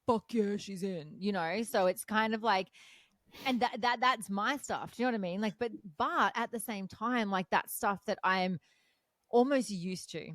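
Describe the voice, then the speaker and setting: A woman hosts a podcast conversation, speaking frankly and with animated storytelling. Her voice sits at a middle pitch, recorded close and dry with no room sound. The talk is casual and direct. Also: normal speed, no room sound. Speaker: podcast host. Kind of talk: casual interview chat.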